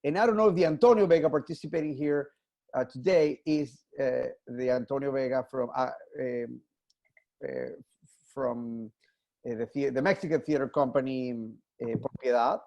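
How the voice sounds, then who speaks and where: A theater director hosting a panel over a video call, talking in a halting way with many fillers and restarts. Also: male voice, mid-range voice, a little mellow, dull audio. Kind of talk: casual video-call chat.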